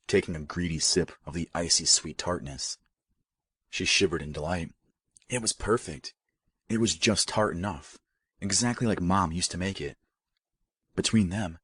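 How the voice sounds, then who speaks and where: Male audiobook narrator, very low and husky, steady delivery. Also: moderate pace, dry recording, studio quality. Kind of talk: scripted narration.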